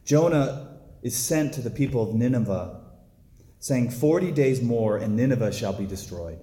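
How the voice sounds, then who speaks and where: A man's voice: medium pitch, lively intonation, moderate pace, mellow, reverberant. A man giving a casual, conversational sermon, telling a story with lots of filler words. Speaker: preacher.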